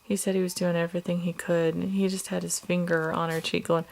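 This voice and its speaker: Upset mother with a low gravelly voice. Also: level tone. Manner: halting, hesitant, many fillers and restarts; subdued, drops at times to a whisper. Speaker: mother of two young children. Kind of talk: personal video diary.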